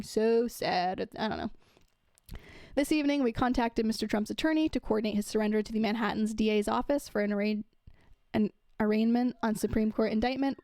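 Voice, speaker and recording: Young woman reading the news out loud fast, chatty asides, higher voice, dry close sound. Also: no room sound. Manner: chatty, reads quotes then adds asides with fillers. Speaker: commentator. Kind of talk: casual commentary reading news aloud.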